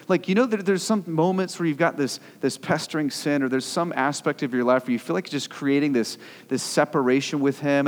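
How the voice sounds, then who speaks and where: A young man preaching a sermon as pastor, in a conversational way with repeated words, building to earnest intensity. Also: on the high side. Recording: long hall reverb.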